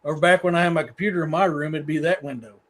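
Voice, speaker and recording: A man's voice: a little high, fairly even intonation, fast. A middle-aged man from Missouri, a podcast guest who tells long rambling stories in casual chat. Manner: rambling storyteller, talks to his dogs mid-sentence.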